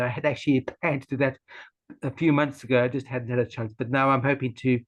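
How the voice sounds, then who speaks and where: Rambling man on a muffled video call. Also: medium pitch. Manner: hesitant, rambling with many fillers. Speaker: community call participant. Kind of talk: casual self-introduction on a video call.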